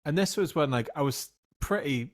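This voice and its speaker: A man's voice: on the high side, lively intonation, moderate pace. Self-mocking man telling stories. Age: 30s. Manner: self-mocking anecdotes, laughs often. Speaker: podcast host and music teacher. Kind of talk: casual chat.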